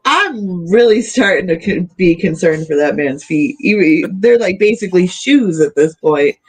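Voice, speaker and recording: A woman's voice: lowish voice, animated, unhurried, husky. A woman co-hosting a wrestling review podcast, chatting playfully and joking. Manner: playful, joking, laughs often. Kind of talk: casual chat.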